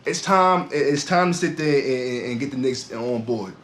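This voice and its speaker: A man's voice: mid-range voice, lively intonation, moderate pace, fairly bright tone, echoey room. A man co-hosting a sports podcast, ranting heatedly in casual talk and often repeating his words. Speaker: podcast co-host.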